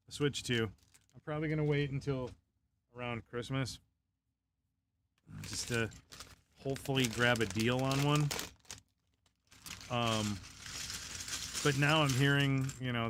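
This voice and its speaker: A man's voice: mid-range voice, fairly bright tone, slight background noise. A young man on a casual live stream, chatting in a laid-back way, chuckling often and muttering to himself as he builds a model.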